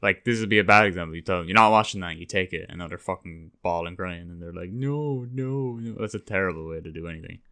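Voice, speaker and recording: Low-voiced young man, rambling chat. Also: steady tone, racing, few pauses, bright, forceful tone, smooth. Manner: rambling, swears casually, acts out quotes. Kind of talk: casual chat.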